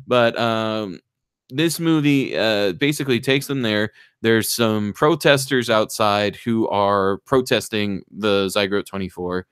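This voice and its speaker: A man with a fairly low voice chats loosely as a podcast host, retelling a strange movie scene by scene. He rambles with fillers and slips into short voices for the characters. The sound is dry and close. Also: takes it slowly, a bit bright, smooth, no room sound. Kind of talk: casual chat, retelling a movie plot.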